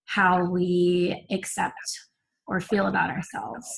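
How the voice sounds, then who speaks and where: An earnest woman speaks on a group video call, her voice running gravelly with fry. She reflects aloud and leans on "like" as she works through her ideas. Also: fairly low pitch, flat delivery, takes it slowly, low-quality recording. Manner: earnest, many fillers like "like". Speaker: call participant. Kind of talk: casual reflective sharing.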